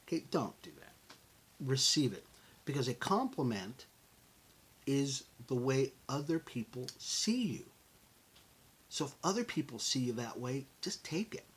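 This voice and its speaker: A middle-aged American man hosting a motivational podcast, talking in an animated, conversational way and calling his listeners folks. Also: mid-range voice, unhurried, pauses often, slightly rough. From United States. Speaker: podcast host.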